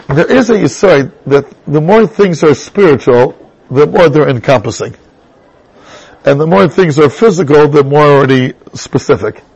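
Casting: male Torah teacher, high pitch, husky, chatty, mixes in Hebrew terms. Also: lo-fi sound. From England. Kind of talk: classroom text lesson.

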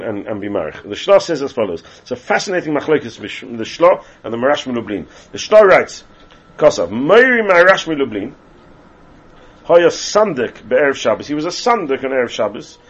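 A man leads a class on Jewish law in a husky, slightly rough voice. He explains the texts and repeats himself as he works through them. The recording is dull and lo-fi. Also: on the high side. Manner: explains texts, switches between English and Hebrew terms, repeats phrases. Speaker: teacher leading a Torah class.

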